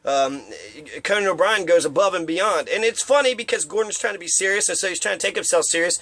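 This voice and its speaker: A man's voice: high voice, quick pace, fairly bright tone. A man giving a rambling, profane monologue of opinions, now and then acting out quotes in mocking voices. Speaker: commentator.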